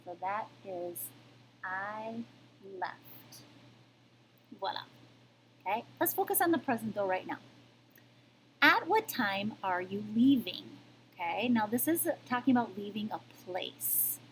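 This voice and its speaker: A woman's voice: mid-range voice, expressive, normal speed, a bit bright, a little hiss or hum, low-quality recording. A woman teaching a French grammar lesson, explaining patiently step by step and often checking in with "okay?". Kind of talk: recorded classroom lesson.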